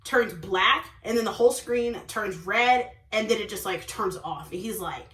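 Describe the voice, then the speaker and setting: A young woman, a vlogger, telling a dating story in a casual, animated way, jumping between loud exclamations and low asides. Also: moderate pace, very noisy. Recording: roomy, from a distance.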